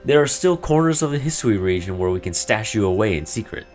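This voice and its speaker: A man reading as a smooth-talking merchant. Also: lowish voice, expressive, fast, a little mellow, soft background music, natural voice. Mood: friendly. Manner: chatty, ingratiating. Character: smooth-talking friendly young male merchant. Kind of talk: reading game dialogue aloud in character.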